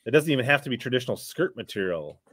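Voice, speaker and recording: A man's voice: medium pitch, racing, slightly rough, no echo. A man hosting a casual live stream, chatting with his guest and reading out viewer comments. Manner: reads viewer comments aloud, lively back-and-forth.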